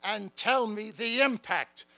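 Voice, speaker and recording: A man's voice: high voice, slow, creaky, bright, forceful tone, exaggerated voice. A man playing a fiery founding-father orator. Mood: rousing. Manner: impassioned, emphatic, calls out to the crowd. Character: male founding father, fiery revolutionary pamphleteer. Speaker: keynote speaker. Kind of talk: rousing political speech in character. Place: stage at a large gathering.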